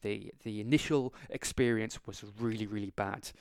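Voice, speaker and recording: A man, an optometrist hosting a podcast, tells a workplace anecdote in a chatty, animated way, often restarting his sentences. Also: fairly low pitch, moderate pace, vocal fry, clear, resonant tone, no room sound, studio quality. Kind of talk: casual storytelling monologue.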